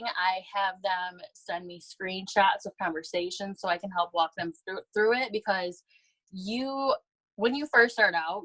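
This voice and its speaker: A woman's voice: medium pitch, fairly bright tone, no echo, low-quality recording. A woman sharing her experience on a video call in a chatty, upbeat way, with many ums. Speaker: guest team leader.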